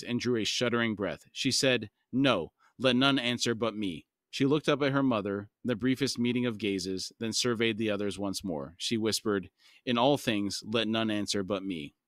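A man's voice: mid-range voice, a bit bright, no echo, clean studio sound. A man co-hosting a book discussion podcast, reading passages aloud and chatting casually with laughs. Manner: reads text aloud, then chats casually with laughs. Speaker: podcast co-host.

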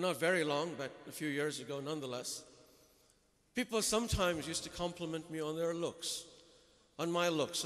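A man's voice: high voice, sharp tone. A man preaching a sermon, emphatic and putting rhetorical questions to his listeners. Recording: long reverb of a large hall.

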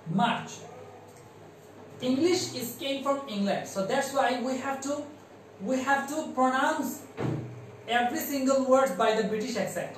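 A man with a Bangladeshi accent teaching English to primary pupils, slowly spelling words letter by letter and drilling their pronunciation. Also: extremely high pitch, heavy reverb, far from the mic, a little hiss or hum, rough recording. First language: Bengali. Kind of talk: classroom lesson.

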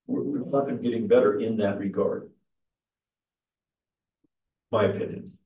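A man with a low, gravelly, mellow voice, recorded from across an echoey church room. He is a pastor leading an adult class, explaining things steadily and turning questions back to the group. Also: measured pace, narrow, tinny audio. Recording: echoey room, mic far off.

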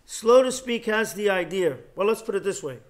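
High-pitched male preacher, measured delivery. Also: animated. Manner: measured, repeats key phrases for emphasis. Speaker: Bible lecturer. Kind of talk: sermon.

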